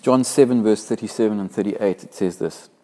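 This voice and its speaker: A man from Africa who is a pastor preaching a sermon. He is earnest and emphatic, slowing down and growing louder when he quotes scripture. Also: fairly low pitch.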